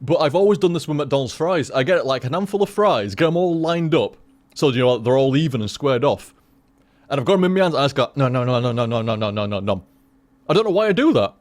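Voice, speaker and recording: A man's voice: a little high, animated, fast talker. A young man chatting casually to his stream viewers, rambling and swearing with lots of restarts.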